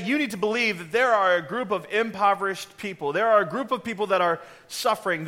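A man delivers a sermon with earnest directness, now and then slipping into an offhand aside. His voice sits high for a man and rings bright and forceful. He speaks plainly to the people in front of him. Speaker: pastor.

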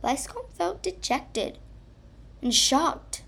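A woman reading a children's story aloud in a slow, expressive way. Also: high voice, creaky. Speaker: narrator.

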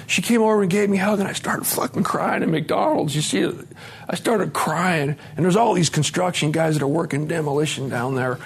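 A man's voice: high-pitched, brisk, breathy edge. A man, sharing a raw, profane, confessional recovery story at a conference. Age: 40s. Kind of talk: emotional personal testimony. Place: conference room.

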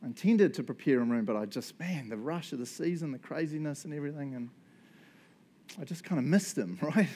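A man, preaching a sermon as a lively storyteller who acts out what people said and often checks in with "right?". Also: fairly high pitch, a little fast. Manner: animated, acts out quotes, frequent "right?" and "um". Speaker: pastor.

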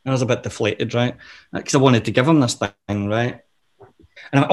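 Profane, animated storyteller man. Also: mid-range voice, fast. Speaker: interview guest. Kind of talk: casual storytelling interview.

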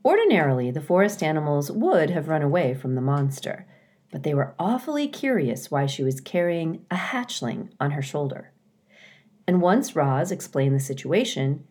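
A woman teacher reading a children's storybook aloud, expressive and animated. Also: deep voice.

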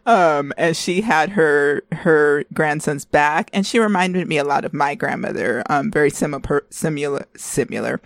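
A woman from California, a podcast guest, chatting in slangy, laughing, unhurried speech. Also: low-pitched, vocal fry, dry recording. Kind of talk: casual chat.

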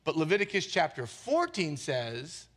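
Animated high-voiced male preacher. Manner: animated, conversational preaching with quick asides and jokes. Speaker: pastor. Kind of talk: sermon.

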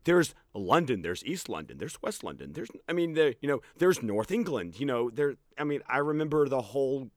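An American man talks casually about a film, his pitch swinging widely as he slips into mock quotes and laughs. The sound is dry and close, with no room around it. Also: normal speed, hardly any pauses, no room sound. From United States. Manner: animated, quotes lines in mock voices, laughs often.

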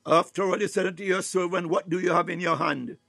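A man leading a fervent spontaneous morning prayer, punctuating each phrase with calls to God and swelling from hushed tones to near-shouts, at times breaking into tongues. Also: sits high, steady tone, fast, creaky, no room sound, studio quality. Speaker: prayer leader.

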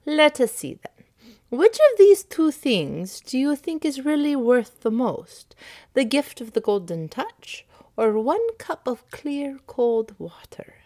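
A woman voicing a smiling, mysterious male stranger in a storybook reading, slow and measured. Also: high-pitched, big pitch swings, mellow, pitched above the performer's own voice, exaggerated voice. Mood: probing.

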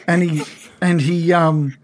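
A man's voice: a little high, slightly rough. A man running a tabletop game as game master, narrating in a rambling way. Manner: rambling, full of fillers and restarts.

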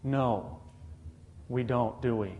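A man's voice: mid-range voice, steady tone, slow pace, darkish tone, dull audio. A man preaching a sermon, earnest, putting rhetorical questions to the congregation.

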